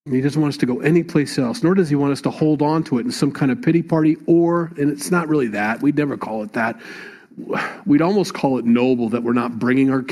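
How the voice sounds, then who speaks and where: Pastor, man, mid-pitched, chatty sermon delivery with emphatic swells. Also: quick pace, darkish tone. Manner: conversational preaching, rising emphatic at times.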